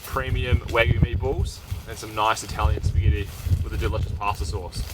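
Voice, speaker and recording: A man's voice: fairly low pitch, steady tone, fairly quick. A man from New Zealand chatting casually to the camera on a winter camping trip in a snowstorm. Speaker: outdoor vlogger. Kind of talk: casual vlog narration. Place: outdoors in a snowstorm and a camp shelter. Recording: wind noise on the mic.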